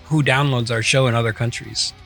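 A man's voice: mid-range voice, fairly even intonation, fairly quick, fairly bright tone, faint music behind. A man co-hosting a podcast in easygoing casual chat, with lots of fillers. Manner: easygoing, laughs along, fillers. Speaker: podcast co-host.

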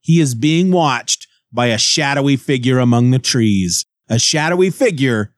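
A man hosting a comic book podcast, recapping and reviewing an issue in a casual, animated way with chuckles. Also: medium pitch, moderate pace, dry recording, studio quality.

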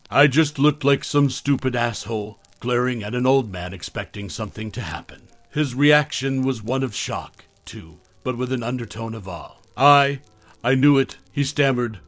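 A man narrating a first-person horror story in a measured, dramatic way. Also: medium pitch, no room sound.

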